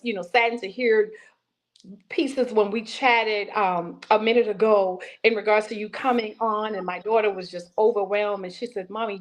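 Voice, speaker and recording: Middle-aged woman hosting a chat show, preachy encouraging vibe, gushes at her guest. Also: mid-range voice. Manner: warm preacherly encouragement, calls listeners baby. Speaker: talk show host. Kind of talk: casual interview chat.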